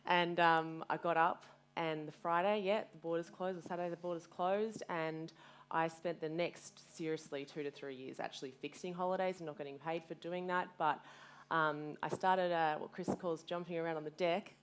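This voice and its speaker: A woman's voice: sits low, steady tone, moderate pace, clean tone. A woman in her thirties, a guest speaker telling her story frankly and with energy at a live community event, swearing freely and quoting herself. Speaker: guest speaker, fitness business owner.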